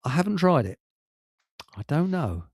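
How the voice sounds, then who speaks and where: A man with a fairly high voice hosts a live stream, rambling through casual stories and chuckling as he goes. The sound is close and dry, with no room around it. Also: big pitch swings, moderate pace, a little mellow, breathy edge, no room sound. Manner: rambling, laughs often at his own stories. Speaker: host of a live stream show. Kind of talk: casual chat, anecdotes.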